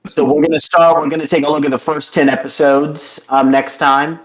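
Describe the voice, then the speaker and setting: A man's voice: fairly high pitch, level tone, brisk. A man hosting a casual podcast, wrapping up the episode with many ums and uhs. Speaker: podcast host. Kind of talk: casual podcast chat and wrap-up.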